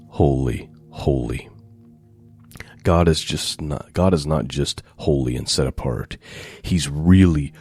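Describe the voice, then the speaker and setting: Man preaching, reads scripture then expounds; very deep and unhurried, leans on repeated words. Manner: slow, deliberate, emphatic repetition. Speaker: pastor. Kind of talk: sermon with scripture reading.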